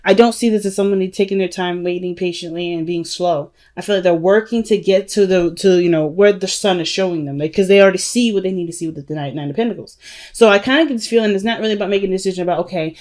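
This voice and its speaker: A woman's voice: on the low side, quick pace, a little mellow. A woman giving a casual tarot reading to her viewers, chatty and emphatic, calling them family and y'all. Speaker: tarot reader.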